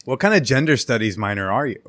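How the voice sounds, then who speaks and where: Male host, teasing and joking, middle-pitched voice. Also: very animated, a bit bright. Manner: teasing, quick with jokes. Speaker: podcast host. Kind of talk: casual podcast chat.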